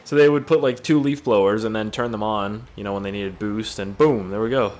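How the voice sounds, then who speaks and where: A man's voice: lowish voice, a little fast, darkish tone, a little hiss or hum. A young man hosting a gaming video with crude, joking, rambling commentary.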